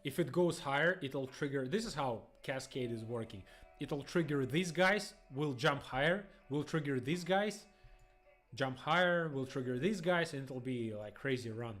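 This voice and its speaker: Excitable man. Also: mid-range voice, moderate pace, soft background music. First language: Russian. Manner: rambling, excitable, non-native phrasing. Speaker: day trader streamer. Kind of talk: live trading stream commentary.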